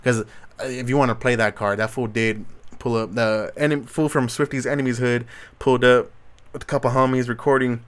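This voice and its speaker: Solo host, male, mid-pitched, swears nonstop in street slang, blunt and worked up. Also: fairly even intonation, fairly quick, clean tone. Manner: profane, heavy street slang. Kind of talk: casual commentary rant.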